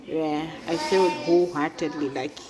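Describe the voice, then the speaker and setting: A woman from Cameroon with a Cameroonian accent, vlogging in a chatty way, often asking "right?" and filling pauses with "um". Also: low voice, steady tone, heavy background noise. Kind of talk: casual personal vlog.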